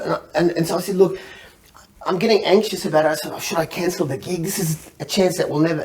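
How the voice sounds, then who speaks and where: Animated male comic storyteller, slightly off-mic. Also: fairly high pitch, far from the mic, poor audio. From Egypt. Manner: animated, acts out the people in his story, laughs through lines. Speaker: comedian guest.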